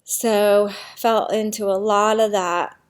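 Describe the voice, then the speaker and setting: Slow, soft-spoken reflective woman. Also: mid-range voice, fairly even intonation, smooth. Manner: unhurried, pausing often, with soft fillers. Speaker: vlogger sharing personal healing practice. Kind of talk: reflective personal monologue.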